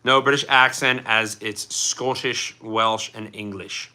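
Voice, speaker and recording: A man's voice: lowish voice, fairly even intonation, slow, bright, forceful tone. A man from Philadelphia with a Philly accent, hosting a casual livestream, chatting in a loose, rambling way and reading out comments. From Philadelphia, USA. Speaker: livestream host.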